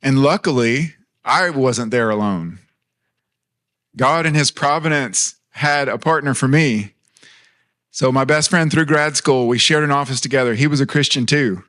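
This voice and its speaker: A man's voice: mid-range voice, measured pace, fairly bright tone. A man in his thirties preaching a sermon in a church, earnest and conversational, mixing personal stories with light humor.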